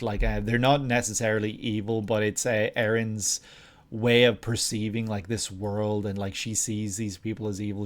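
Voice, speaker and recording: A man hosting a reaction video, thinking aloud in casual commentary with frequent hesitations. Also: lowish voice.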